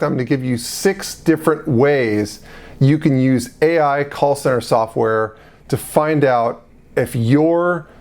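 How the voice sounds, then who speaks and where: A man's voice: on the high side, a little mellow. A middle-aged man hosting a business advice video, talking casually straight to the viewer and asking them questions. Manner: conversational, asks the viewer questions, fillers like "you know". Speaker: host of a business advice channel. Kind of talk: casual direct-to-camera explainer.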